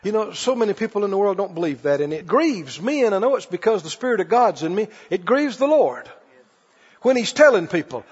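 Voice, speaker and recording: A man's voice: high-pitched, very animated, a little fast, breathy edge. A man preacher delivering a fervent sermon and firing rhetorical questions at his congregation. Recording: dull recording with long hall reverb.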